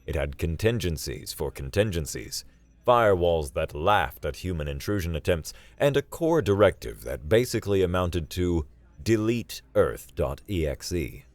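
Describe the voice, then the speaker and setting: Deep-voiced man narrating a sci-fi story. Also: big pitch swings, moderate pace, no room sound. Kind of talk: scripted narration.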